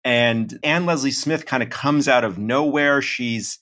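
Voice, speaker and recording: A middle-aged man talking through a podcast discussion in a measured, analytical way, with many fillers. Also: medium pitch, sharp tone. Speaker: reporter and podcast co-host.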